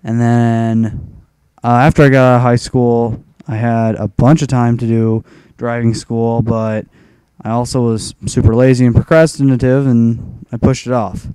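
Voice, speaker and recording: Young guy rambling and cursing about his day, smooth voice, dry close sound. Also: mid-range voice, dark tone, no room sound. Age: young adult. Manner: rambling, profane, frustrated. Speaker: gaming commentator. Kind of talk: casual rant over gameplay.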